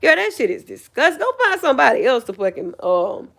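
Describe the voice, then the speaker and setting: A woman on a livestream with a fairly high voice, venting in a heated rant. She swears freely and breaks into scornful laughter as she talks. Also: big pitch swings, fairly quick, creaky, a bit bright.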